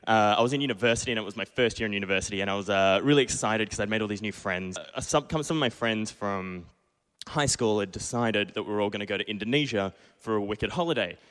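Young australian man, lowish smooth voice, self-deprecating live storytelling, long reverb of a pub stage. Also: quick pace, fairly bright tone. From Perth, Australia. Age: 20s. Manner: self-deprecating, acts out his own past lines.

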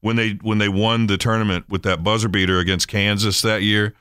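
A man hosting a radio show, chatting casually and telling animated stories. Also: fairly low pitch, a little fast, clean tone, no room sound, studio quality. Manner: storytelling, animated in anecdotes.

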